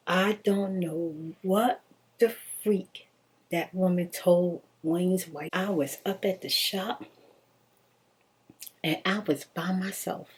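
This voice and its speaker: A woman casually telling a personal story in an animated, slangy way, laughing often. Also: lowish voice, breathy edge.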